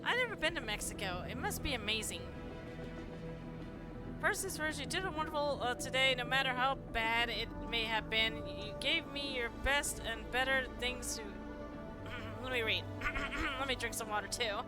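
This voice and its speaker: A woman with a voice on the high side, talking at normal speed, livestreams a game over its music. She chats with viewers and thanks them, stumbling when she reads things aloud.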